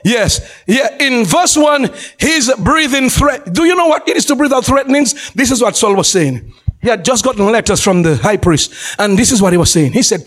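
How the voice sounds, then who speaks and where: A male pastor preaching a sermon in an exclamatory style, calling out to the congregation and often laughing and shouting for emphasis. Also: extremely high pitch, lively intonation, normal speed. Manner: exclamatory preaching with call-and-response.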